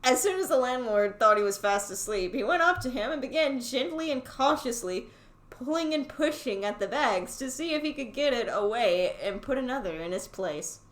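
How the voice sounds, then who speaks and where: A woman's voice: fairly high pitch, animated, moderate pace, echoey room, low-quality recording. Woman reading a fairy tale casually. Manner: irreverent, laughing, swearing asides. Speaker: reader and host.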